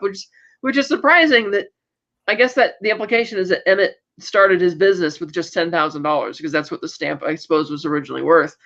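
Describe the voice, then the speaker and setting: A woman's voice: fairly low pitch, fast, fairly bright tone. Woman podcaster recapping, dull lo-fi sound. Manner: rambling recap with many fillers and quoted bits. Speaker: podcast co-host. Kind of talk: casual TV recap chat.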